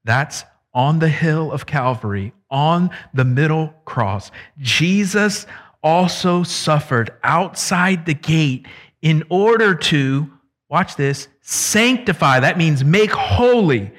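A man preaching a sermon, his voice sitting a little high for a man. He speaks in a conversational, emphatic way, slowing to stress key words and reading scripture aloud. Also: lively intonation, a bit bright.

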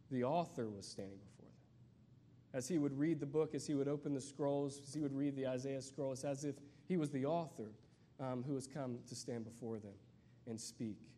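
A man giving a sermon as a guest preacher, conversational and searching, with many fillers and restarts, and reading scripture slowly. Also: mid-range voice, mellow, a little hiss or hum.

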